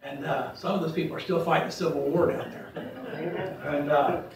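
A man with a fairly high voice leads a casual Bible study, wandering into folksy stories before reading verses with emphasis. He is from Ohio. The room echoes heavily and he sounds distant from the mic. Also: steady tone, fairly quick, creaky, a little hiss or hum. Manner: folksy, rambling, reads scripture aloud emphatically. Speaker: Bible teacher. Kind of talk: informal Bible study teaching.

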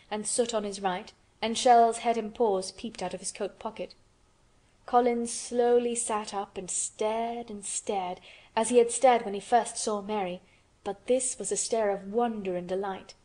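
A woman narrating a classic storybook aloud in a steady, measured way. Her voice sits at a middling pitch for a woman, calm and even in delivery. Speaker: audiobook narrator. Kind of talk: scripted narration.

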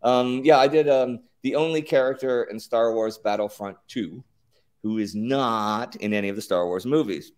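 A man's voice: mid-range voice, normal speed, a little mellow. A middle-aged man from the United States, talking casually as an interview guest and repeating words as he thinks.

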